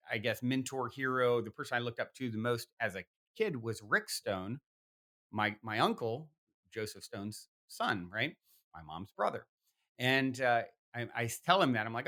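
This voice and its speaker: A man's voice: mid-range voice, expressive, normal speed, pushed and bright. A man hosting a podcast, telling a long personal story in a rambling way with many fillers and restarts. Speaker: podcast host. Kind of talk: animated storytelling in conversation.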